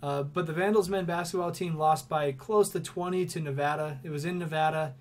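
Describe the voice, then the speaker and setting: A man's voice: fairly high pitch, steady tone, brisk. A young man co-hosting a casual sports podcast, rambling through stories and laughing often. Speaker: podcast co-host.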